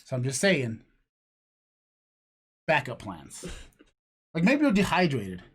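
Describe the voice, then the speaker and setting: A man's voice: medium pitch, huge pitch swings, takes it slowly, slightly rough. A man co-hosting a podcast, rambling through crude jokes in casual chat. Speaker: podcast co-host.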